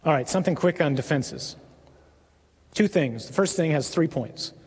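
A man preaching a sermon in an earnest, emphatic way, stressing words slowly. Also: on the high side, lively intonation, darkish tone, husky, big-room sound.

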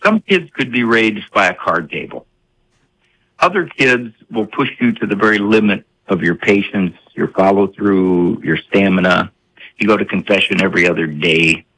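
A man in his sixties, a psychologist and author, talking as a guest on a radio interview and telling stories with lively voices for parents and kids. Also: low voice, moderate pace, slightly rough, poor audio. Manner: animated storyteller, acting out parents and kids.

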